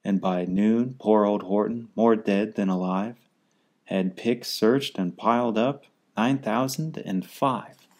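Guy reading a kids' rhyme book real slow, lowish voice. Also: a little mellow. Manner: unhurried rhyming delivery. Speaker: storybook reader. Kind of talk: children's story read-aloud.

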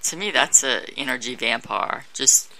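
A woman's voice: rumbling low, moderate pace, vocal fry, sharp tone, a little hiss or hum, poor audio. A woman co-hosting a casual radio talk show, chiming in with short backing remarks and playful asides. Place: radio studio.

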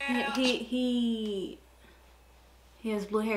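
A young woman hosting a casual reaction video, gushing with excited exclamations. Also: mid-range voice, normal speed, faint music behind.

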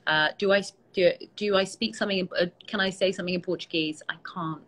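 Low-voiced, tired British woman chatting. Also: quick pace, rough recording. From Britain. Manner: relaxed, chatty, self-deprecating, many fillers. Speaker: actress hosting a fan Q&A. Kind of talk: casual live-stream chat.

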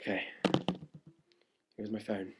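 A man's voice: lowish voice, little pitch movement, slow, heavy background noise. Hyper, playful young man on a webcam. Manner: hyper and playful, gets louder as it goes on. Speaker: livestream host answering fan questions. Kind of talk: casual live webcam chat. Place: indoors at home. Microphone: laptop webcam mic.

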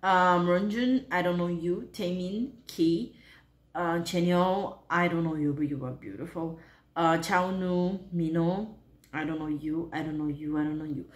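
A woman's voice: fairly low pitch, echoey room. A woman hosting a reaction video, talking casually and unsure of herself, muttering guesses and often laughing.

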